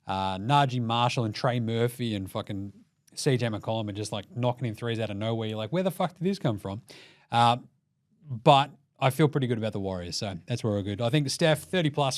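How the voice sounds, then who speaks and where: Hosting a solo sports podcast, an Australian-accented man with a medium-pitched voice talks in an animated, jokey way, swearing as he goes.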